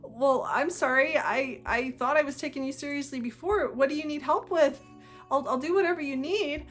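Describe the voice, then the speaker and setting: A woman's voice: a little high, animated, moderate pace, a bit bright, faint music behind. A woman reading out the lines of a confused adult partner who keeps apologizing, in a hesitant, pleading tone with stammered restarts.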